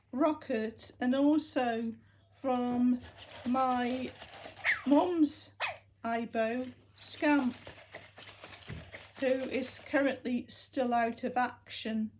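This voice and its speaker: Woman, casual vlog, fond chatty manner, slow delivery, slightly high voice. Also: a little mellow, slight background noise. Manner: chatty, fondly talks to her robot dogs. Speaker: vlogger. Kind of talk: casual home vlog update.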